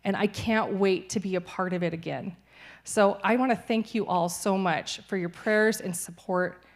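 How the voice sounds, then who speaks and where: A woman's voice: medium pitch, fairly even intonation, normal speed. A young adult woman, a missionary, giving a cheerful church testimony and laughing easily through hard news. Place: church sanctuary.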